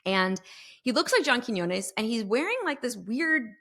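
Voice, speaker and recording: A woman guest on a podcast, telling a story in an animated, expressive way. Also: fairly high pitch, normal speed. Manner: animated, expressive, sings sound effects. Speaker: podcast guest, intuitive mentor. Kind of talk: storytelling in an interview.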